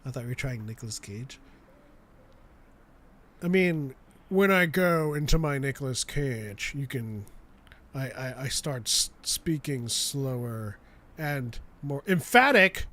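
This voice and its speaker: A man co-hosting a live show in casual chat, jokey and quick to laugh, trailing off and restarting. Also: mid-range voice, lively intonation, a bit bright. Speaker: podcast co-host.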